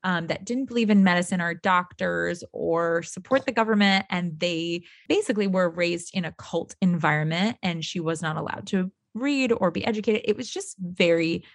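A woman's voice: lowish voice, moderate pace, few pauses, no echo, clean studio sound. A woman hosting a podcast interview, talking earnestly and enthusiastically in long flowing sentences. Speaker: podcast host. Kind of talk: casual interview chat.

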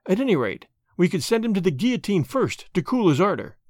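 A man voicing a sly, insinuating male French spy who speaks slowly and low in a storybook reading. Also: very animated, darkish tone, no room sound, clean studio sound.

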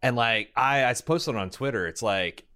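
A man's voice: mid-range voice, moderate pace, sharp tone, clear, resonant tone. A young man co-hosting a podcast, chatting casually and rambling with jokes. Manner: rambling, joking, drifts into goofy put-on voices. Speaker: podcast co-host. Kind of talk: casual chat.

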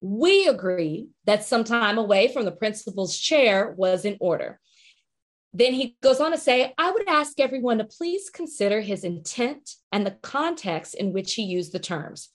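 A woman's voice: a little high, very animated, normal speed. Woman co-hosting a casual podcast. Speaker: podcast co-host. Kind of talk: casual chat.

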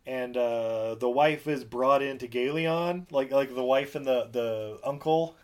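A young man casually recapping a movie for a podcast, joking and laughing, slipping into quick character voices. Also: mid-range voice.

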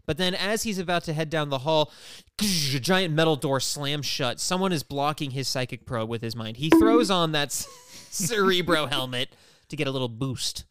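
A man hosting a podcast, recapping episodes in casual chat, animated and often laughing. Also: a little high, clear, resonant tone, no echo. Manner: animated, laughing, does quick impressions.

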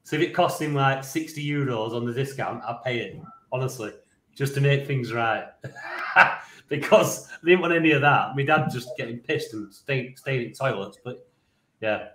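Man, podcast co-host, rambling anecdote, swears a lot, mid-pitched voice, echoey room. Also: moderate pace. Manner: lively rambling storyteller, swears freely, laughs along. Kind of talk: casual anecdote telling.

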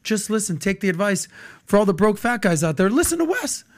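A man's voice: sits high, big pitch swings, a little fast. A man from the United States hosting a podcast, chatting casually and eagerly, cracking jokes and asking his guest questions. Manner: enthusiastic, jokey, asks questions. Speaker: podcast host. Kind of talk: casual interview chat.

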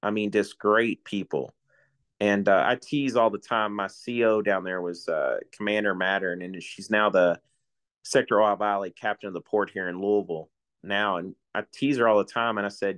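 A man's voice: fairly low pitch, steady tone, moderate pace, a bit bright. A man in his forties, a retiring coast guard officer, telling folksy stories in a casual chat and chuckling often.

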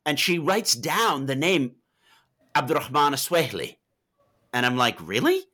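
Bright-voiced man explaining at length. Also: fairly high pitch, animated, unhurried. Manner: discursive, tells anecdotes with quoted dialogue. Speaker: author being interviewed. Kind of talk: explanatory interview answers.

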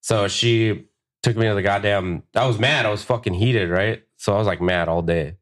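A man's voice: lowish voice, normal speed. A young man telling a long, profanity-filled story on a podcast, acting out the lines of the people in it. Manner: profane, animated storyteller who acts out quotes. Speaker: guest tattoo artist.

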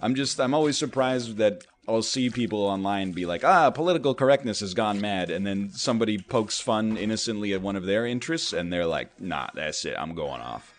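A man's voice: a little fast, hardly any pauses. Rambling self-deprecating male host. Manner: jumps in pitch when acting out quoted people. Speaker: show host. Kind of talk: casual comedic monologue.

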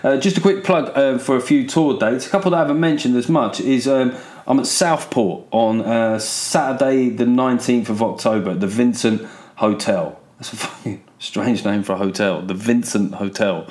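An English man hosts his podcast on his own, swearing freely as he rambles. He is sardonic and sounds unscripted, with a middling pitch. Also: normal speed, darkish tone. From England. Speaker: podcast host. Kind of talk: casual solo podcast monologue.

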